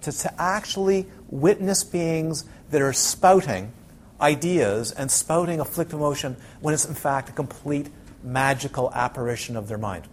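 Guy teaching a buddhism class, kinda high voice, lively, keeps asking the room questions, light room hiss. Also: moderate pace. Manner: animated, asks the audience many questions, acts out quotes. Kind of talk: dharma talk to a class.

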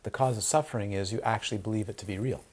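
Speaking rapid-fire in a lowish, breathy-edged voice, a male Dharma teacher addresses his students. His talk is lively and playful, peppered with rhetorical questions, asides and his own impressions of crying babies.

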